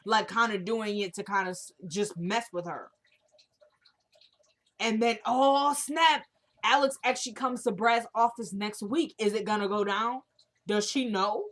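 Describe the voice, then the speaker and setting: A woman casually retelling a TV episode scene by scene, quoting the characters in an animated, chatty way. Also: fairly high pitch. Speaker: TV episode recapper. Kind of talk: casual episode recap vlog.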